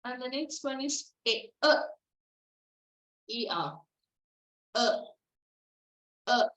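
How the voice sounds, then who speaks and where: Brief: female phonics teacher, fairly high voice, emphatic repetition, heard from afar in a roomy space. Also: animated, fairly bright tone. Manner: repeats sounds slowly and emphatically, asks "right?" often. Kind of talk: online phonics lesson. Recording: echoey, distant, dull lo-fi.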